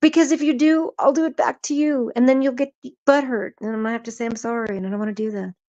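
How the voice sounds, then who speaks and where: Woman, live stream host, high pitch, playful, teasing, worn-out voice, muffled dry recording. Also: fast talker, darkish tone, no room sound. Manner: playful, teasing, reads chat names aloud. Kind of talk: casual live stream chat.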